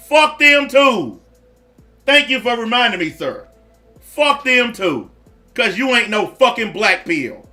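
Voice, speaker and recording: A man's voice: extremely high pitch, big pitch swings, slow pace, bright, forceful tone, faint music behind. A man giving blunt, profane reaction commentary in a repetitive rant.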